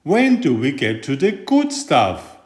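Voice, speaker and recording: A man's voice: medium pitch, wildly swooping pitch, takes it slowly, a little mellow. A man putting on a greedy, whining talking sweet tooth. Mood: demanding. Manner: pushy, whiny, demanding. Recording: roomy echo.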